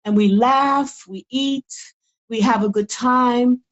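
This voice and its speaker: A woman's voice: on the high side, slow pace, dull audio. An older woman, a guest in a casual interview, talking earnestly and often repeating words as she builds her point. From United States. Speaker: guest author.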